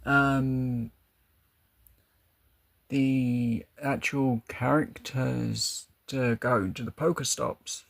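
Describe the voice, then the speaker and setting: Guy streaming, slow gravelly voice, rambly and chatty, laughs a lot. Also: mid-range voice, fairly even intonation. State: out of breath. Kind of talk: casual chat to a live stream audience.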